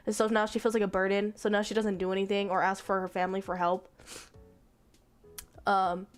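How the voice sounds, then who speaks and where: A young adult woman streamer casually retelling a story in a rambling, animated way, full of fillers and restarts. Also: medium pitch, brisk, clean tone. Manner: rambling and animated, acting out characters' lines. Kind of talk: casual stream chat, retelling a manga plot.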